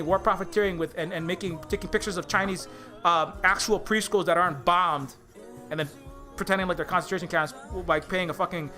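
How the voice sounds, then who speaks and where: Male streamer, high and tense delivery, angry cursing rant full of stammered restarts. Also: sharp tone. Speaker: indie game developer streaming live. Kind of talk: heated political rant on a livestream.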